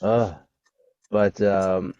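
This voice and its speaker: Slow-talking low-voiced man host. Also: flat delivery, dark tone, muffled recording, slight background noise. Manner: laid-back, loose, with fillers and laughs. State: recovering from covid. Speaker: podcast host. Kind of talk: casual podcast chat.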